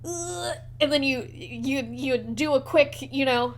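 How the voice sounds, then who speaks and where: A woman narrating as game master of a tabletop horror game, animated and quick to swear. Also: high voice.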